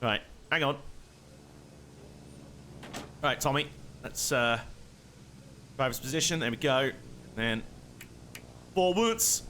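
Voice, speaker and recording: Lively bright-voiced man streaming a game. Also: mid-range voice, slow pace, pauses often, slight background noise. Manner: chatty, muttering to himself, laughing often. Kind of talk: live gameplay commentary.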